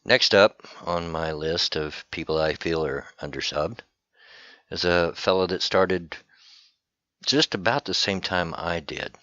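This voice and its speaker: A man hosting a channel, rambling casually through shoutouts to other creators. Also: sits low, a little slow, dry recording, dull audio. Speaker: channel host giving shoutouts.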